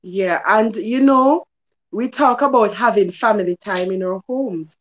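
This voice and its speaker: A woman's voice: mid-range voice, measured pace, muffled recording. A woman hosting a kids' news segment, talking earnestly and emphatically to children, her voice swooping up on key words. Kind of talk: preachy morning-show talk to kids.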